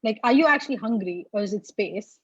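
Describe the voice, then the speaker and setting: Woman, guest, husky voice, animated storytelling, video call, dull dry sound. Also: medium pitch, brisk, no room sound. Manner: animated, talks in storytelling bursts full of "like". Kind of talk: casual conversation.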